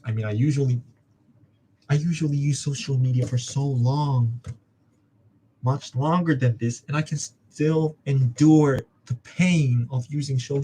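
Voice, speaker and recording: A man's voice: mid-range voice, warm tone, slight background noise. A young man from Hong Kong, a student vlogger, muttering and joking to himself as he studies. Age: young adult. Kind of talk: study-with-me self-talk.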